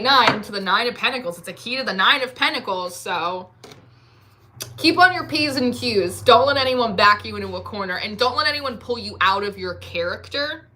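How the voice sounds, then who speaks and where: A woman's voice: mid-range voice, sharp tone. A woman giving a casual tarot reading to camera at home, chatty and rambling with lots of filler words. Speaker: tarot reader.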